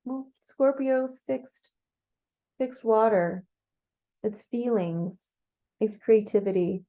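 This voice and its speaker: Woman voicing gentle loving male god Mars. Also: a little high, slow pace. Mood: soothing. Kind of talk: guided meditation role-play.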